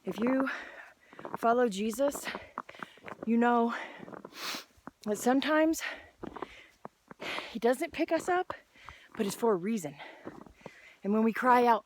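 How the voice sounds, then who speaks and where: Slow, earnest woman sharing her faith. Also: a little high, slight background noise. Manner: earnest, encouraging, slow and emphatic. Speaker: Christian vlogger sharing faith. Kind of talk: personal devotional talk. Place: outdoors on a steep hillside trail.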